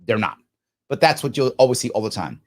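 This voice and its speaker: A man's voice: medium pitch, fairly quick. A man hosting a live talk show, reading viewer comments aloud and answering them emphatically, often posing questions and answering them himself. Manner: animated, jokey asides. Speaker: political talk show host.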